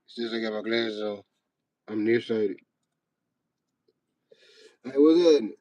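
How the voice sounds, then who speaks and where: A man's voice: fairly low pitch, a little slow, warm tone, no room sound. A young man hosting a livestream, talking bluntly and profanely in a rambling, casual way to his chat. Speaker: livestream host.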